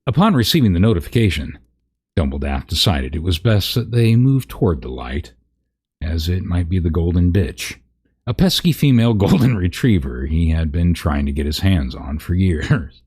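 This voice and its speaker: A man's voice: deep voice, very animated, moderate pace, a little mellow, slightly rough. A man reading a parody fantasy story aloud, breaking off with wry asides about the text. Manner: reads aloud with wry asides at misread words. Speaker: narrator.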